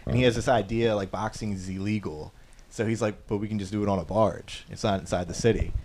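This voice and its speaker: A man's voice: fairly low pitch, steady tone, quick pace, darkish tone, slight background noise. Rambling casual man recapping a movie. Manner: rambling, swears freely, acts out quotes. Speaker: podcast co-host.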